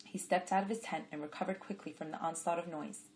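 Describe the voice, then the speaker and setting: A woman narrating a short story in a calm, measured storytelling voice. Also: on the low side, a little hiss or hum. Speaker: audiobook narrator. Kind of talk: scripted narration.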